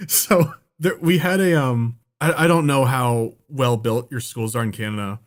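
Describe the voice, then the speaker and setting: Young male podcast co-host; lively, profane storyteller who laughs a lot. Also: mid-range voice, normal speed. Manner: animated, profane, breaks into laughter. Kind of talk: casual storytelling chat.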